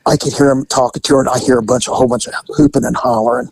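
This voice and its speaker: Gravelly, animated man telling stories. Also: mid-range voice, rapid-fire, no echo, low-quality recording. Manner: animated, laughing, profane, acts out voices. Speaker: storyteller recounting undercover work. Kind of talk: casual conversational storytelling.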